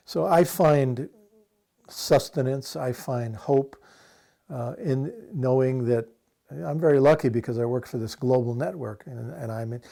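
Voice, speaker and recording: A man's voice: medium pitch, creaky, mellow. A man in his sixties from the United States, an activist giving an earnest, impassioned interview answer with frequent fillers and restarts.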